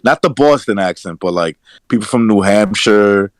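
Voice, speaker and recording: A male co-host chats on a podcast, stumbling and repeating his words as he goes. His voice is on the low side, and the sound is dry and close. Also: animated, clean tone, dry recording. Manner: chatty, halting, repeats words. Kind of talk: casual podcast banter.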